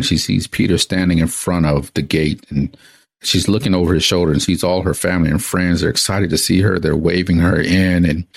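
Deep, gravelly-voiced male pastor. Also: no echo, clean studio sound. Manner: storytelling, conversational. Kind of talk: sermon.

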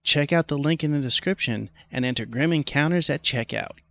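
A man slowly and carefully reading out a sponsor message on a gaming podcast. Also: fairly high pitch, a bit bright. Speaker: player reading a sponsor spot. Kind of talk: read-out ad.

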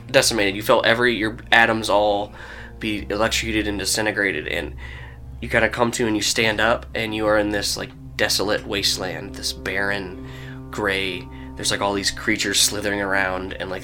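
A man's voice: lowish voice, steady tone, moderate pace, sharp tone, faint music behind. A man narrating as game master of a tabletop role-playing game, casual and vivid, with many filler words.

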